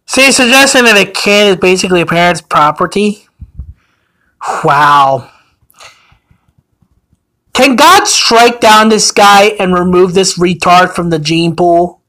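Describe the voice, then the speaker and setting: A man's voice: sits high, normal speed, pushed and bright, low-quality recording. A man hosting a commentary video, ranting indignantly and with profanity, often restarting his phrases.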